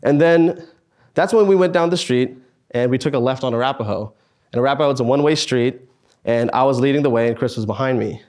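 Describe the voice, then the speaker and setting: This twentysomething man shares something personal with a student gathering, his medium-pitched voice carrying a darkish tone. The telling comes out earnestly and haltingly, with sighs and pauses along the way.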